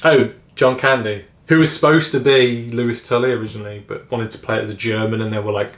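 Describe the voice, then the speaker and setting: A man's voice: mid-range voice, steady tone, quick pace, fairly bright tone. Young guy rambling about old films, laughs a lot, roomy echo. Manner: chatty, laughs often, rambling. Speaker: podcast co-host. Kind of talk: casual chat about films. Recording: echoey room.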